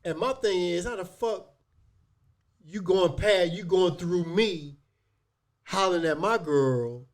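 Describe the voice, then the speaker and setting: A man co-hosting a casual podcast. He tells stories in an animated, profane way. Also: sits high, slow pace, pauses often. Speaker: podcast co-host. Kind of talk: casual chat, storytelling.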